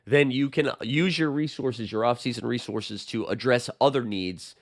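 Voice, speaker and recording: A man with a Boston accent hosting a casual sports chat, his voice hoarse from being sick, talking in a rambling way with lots of fillers. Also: mid-range voice, normal speed, no room sound, studio quality. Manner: chatty, rambling with many fillers. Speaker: sports channel host.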